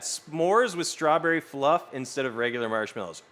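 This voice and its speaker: This West Coast streamer has a fairly high voice and talks at a moderate pace with hardly any pauses. Reading chat, he rambles animatedly through stories to his audience and swears freely.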